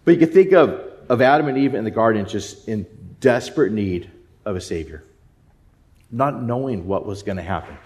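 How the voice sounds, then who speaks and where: A man with a lowish voice preaches from the pulpit. He rambles through a family anecdote with lots of fillers and restarts, lively and animated. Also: normal speed. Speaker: pastor. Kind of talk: sermon with personal storytelling.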